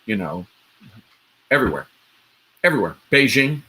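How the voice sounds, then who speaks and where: A man's voice: lowish voice, big pitch swings, normal speed, bright, forceful tone. A man hosting a live stream, giving casual political commentary in a rambling way, with frequent restarts and asides to his viewers. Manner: rambling, restarts often, talks straight to viewers.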